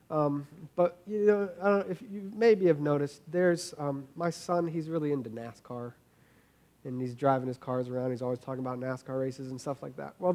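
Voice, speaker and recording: A man's voice: a little high, a little mellow. A man in his thirties giving a conversational sermon as a pastor, earnest and informal, often repeating words as he thinks aloud.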